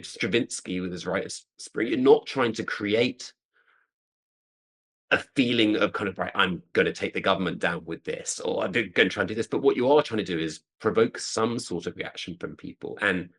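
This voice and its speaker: A man, a composer, telling lively anecdotes in an interview and acting out quoted voices. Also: fairly low pitch, breathy edge. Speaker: composer guest. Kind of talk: conversational interview storytelling.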